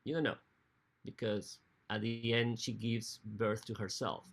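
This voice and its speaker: A man's voice: fairly low pitch, fairly even intonation, measured pace, creaky. Man, hesitant lecture. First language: Spanish. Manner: hesitant, restarts phrases, non-native grammar. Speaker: opera conductor giving a library talk. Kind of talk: informal lecture.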